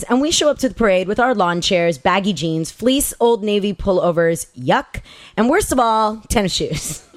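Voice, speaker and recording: A woman's voice: mid-range voice, dry recording. A woman podcast host reading a personal story aloud, candid and profane, laughing at herself along the way.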